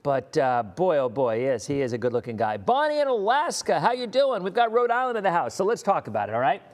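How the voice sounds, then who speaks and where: A man's voice: a little high, wildly swooping pitch, fairly quick, in a large hall. A middle-aged man, a meteorologist giving a live weather update, reassuring and emphatic, repeating points. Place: live stream studio.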